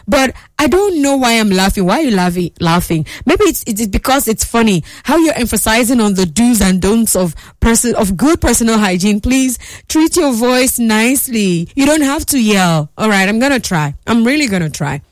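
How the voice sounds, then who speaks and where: A woman hosting a radio show, reading listener messages in a playful, animated way and laughing often. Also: fairly high pitch, no room sound. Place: radio studio.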